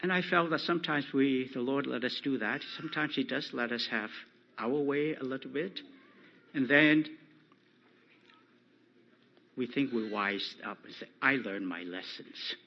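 A man preaching a sermon, slow and emphatic, rising loud when he quotes scripture. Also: mid-range voice, dull audio, slight background noise.

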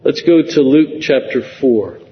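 A man preaching a sermon slowly and earnestly, rising into emotional emphasis at key phrases. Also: medium pitch, animated. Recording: dull lo-fi sound with long hall reverb.

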